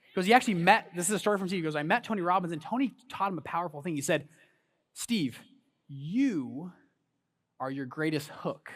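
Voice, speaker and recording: On stage in a large event hall, a conference speaker in his thirties delivers a motivational talk, telling a personal story and firing up the crowd with animated energy. His high-pitched voice comes out rapid-fire, with hardly any pauses.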